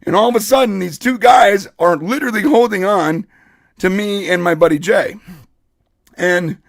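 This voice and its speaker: A man with a high voice and a gravelly edge tells a story on a podcast, casual and animated, slipping into the voices of the people in it. The sound is dry and close, with no room around it. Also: normal speed, no room sound. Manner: animated, acts out quotes. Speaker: podcast co-host.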